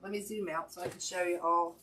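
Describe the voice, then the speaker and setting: A chatty woman talks her viewers through a craft project on a livestream, a little out of breath, apologizing as she goes and greeting people by name. Her voice sits fairly low, picked up by a camera mic some way off, with a steady hiss of noise behind it. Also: a little fast. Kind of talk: casual livestream chat while crafting. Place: indoor home craft room. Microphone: camera mic at a distance. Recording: distant mic with audible background noise.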